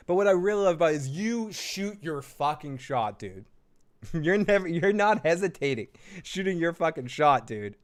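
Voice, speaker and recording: Profane man ranting through a TV recap. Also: a little high. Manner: profane, laughing, mocking impressions. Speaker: host. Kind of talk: casual TV recap and review.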